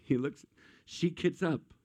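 A man preaching a sermon as a pastor, animated and acting out quotes with playful voices. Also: a little high, slow pace.

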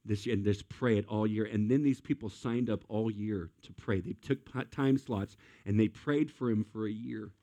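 A man preaching a sermon as a pastor, animated and acting out quotes with playful voices. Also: fairly low pitch, normal speed, hardly any pauses.

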